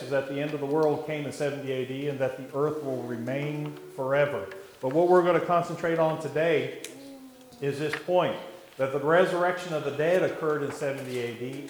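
A man teaching a church Bible class in a measured way, with many fillers and restarts, asking the class questions. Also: a little high, echoey room, a little hiss or hum, rough recording.

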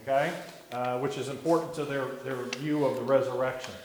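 A man's voice: medium pitch, steady tone, a little hiss or hum. Man teaching a Bible class, echoey room. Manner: measured, with frequent fillers and restarts, asks the class questions. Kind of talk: church Bible class lesson.

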